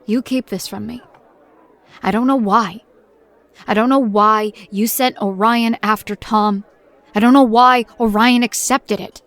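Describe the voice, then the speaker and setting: A woman's voice: mid-range voice, unhurried, long pauses, no room sound, a faint crowd, lightly acted. An actress voicing a hardened middle-aged mother and paranormal agent, who tells her report in a blunt, grim, dry-humored way. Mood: weary. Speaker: narrator of a recorded report. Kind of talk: audio drama monologue.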